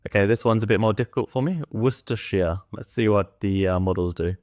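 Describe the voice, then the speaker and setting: A man hosts a tech video in a fairly low voice, speaking relaxed, tentative verdicts with plenty of fillers. He calls his own reading voice monotone. The recording is close and dry. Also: quick pace, dry recording. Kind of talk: casual commentary.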